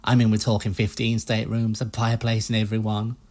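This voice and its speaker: A man voicing a pushy, fast-talking used-ship salesman with a put-on American salesman accent, reading game dialogue. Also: lowish voice, monotone, a little mellow, close to an everyday voice. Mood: smooth salesy. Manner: slick, hard-selling patter.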